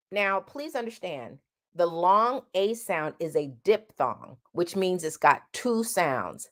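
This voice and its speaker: A woman teaching a singing lesson, speaking directly and bluntly, and breaking off to sing drawn-out vowel sounds as demonstrations. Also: lowish voice, expressive. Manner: sings vowel demonstrations between explanations.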